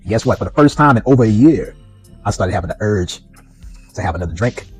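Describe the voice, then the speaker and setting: A man's voice: lowish voice, animated, fast talker, soft background music, poor audio. A middle-aged man speaking in a conversational monologue about his own life, often adding "you know" and "right". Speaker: vlogger. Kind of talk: personal reflective monologue.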